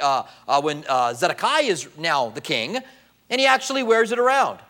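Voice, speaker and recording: A middle-aged man pastor teaching a sermon in a conversational, animated way, with some fillers. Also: sits high.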